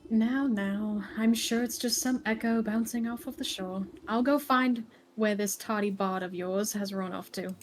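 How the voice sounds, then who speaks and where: A woman voicing a blunt, cranky old witch granny in a fairytale game, gruff and grumbling. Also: mid-range voice, steady tone, measured pace, hardly any pauses, close to an everyday voice. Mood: soothing.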